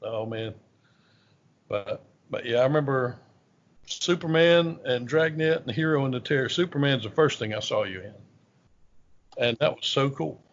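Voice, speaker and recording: A man's voice: medium pitch, normal speed, long pauses. A male host in a casual interview, chiming in with eager fan remarks and fillers. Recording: dull recording.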